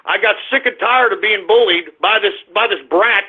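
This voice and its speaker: A man's voice: high voice, normal speed, breathy edge, narrow, tinny audio. A man hosting a talk radio show, giving a blunt, crude, ranting monologue.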